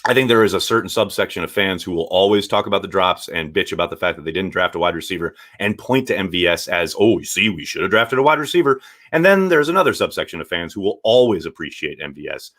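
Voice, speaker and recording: A man hosting a casual live stream, reading viewer chat and giving blunt, animated takes with the odd swear. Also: deep voice, a little fast. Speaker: sports show host reading viewer chat.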